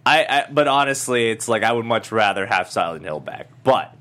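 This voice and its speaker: Animated man in casual podcast banter. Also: lowish voice. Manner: animated, quick to react and joke. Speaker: podcast co-host. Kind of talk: casual group chat.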